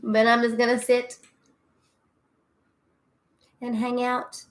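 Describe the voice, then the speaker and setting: A woman's voice: fairly high pitch, monotone, slow. A young Australian woman chatting casually with viewers on a livestream, giggly and self-deprecating. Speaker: streamer.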